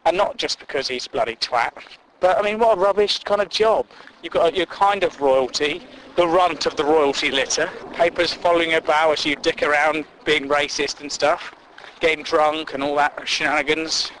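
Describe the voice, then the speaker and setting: A man's voice: fairly high pitch, fairly even intonation, normal speed, a bit bright, a little hiss or hum, rough recording. A man rambling through a sweary comic monologue and chuckling at his own jokes.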